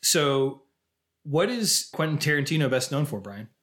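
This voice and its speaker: A man's voice: a little high, very animated, unhurried, fairly bright tone. A man co-hosting a podcast, chatting casually about films and laughing easily. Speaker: podcast co-host. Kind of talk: casual film chat.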